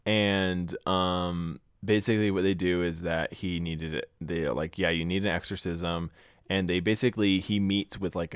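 A young man co-hosting a podcast, telling stories in a crude, animated way and laughing often. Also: sits low, no echo, studio quality. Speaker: podcast co-host. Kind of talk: casual storytelling chat.

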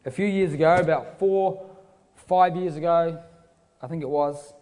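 Preaching with relaxed stories and jokes thrown in, a young man from New Zealand speaks in his native accent. His somewhat high voice is a little mellow and unhurried, and the recording carries a long hall reverb.

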